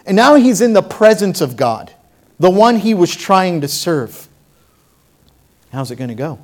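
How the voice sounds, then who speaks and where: A man preaching a sermon as pastor, asking the congregation rhetorical questions and swinging between loud passages and quiet ones. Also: sits high, very animated, a little slow.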